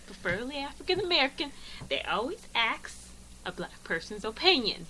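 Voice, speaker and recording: A woman guest in easygoing podcast chat, blunt and quick to laugh. Her voice is bright and animated, and her pitch swings widely as she talks. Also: slight background noise, poor audio.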